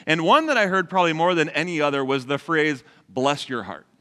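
A male pastor in his forties preaches to a live congregation, his pitch rising and falling with animated, expressive range. He talks conversationally and keeps turning to the crowd with questions. His voice carries a long reverb from the large church hall. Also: a little fast. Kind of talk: sermon.

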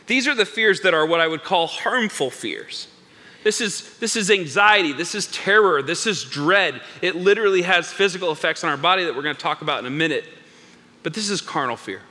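A man preaching a sermon in an animated way, acting out the figures in the story with big swings in his voice. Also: fairly high pitch, a little fast, long reverb tail. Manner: animated, acts out biblical characters with big voice swings. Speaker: pastor.

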